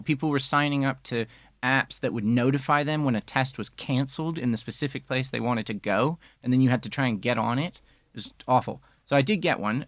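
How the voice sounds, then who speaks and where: A man guest on a podcast recorded in a studio, telling a long story in a relaxed, chatty way and briefly mimicking other people. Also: mid-range voice, dry recording. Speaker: guest, film and TV editor. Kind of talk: casual podcast chat.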